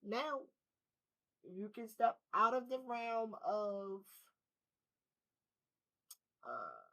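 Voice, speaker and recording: Woman spiritual reader, bright tone, emphatic casual delivery with swearing. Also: fairly high pitch, big pitch swings, drawn-out words, dull audio. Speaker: tarot reader. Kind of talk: spiritual reading to camera.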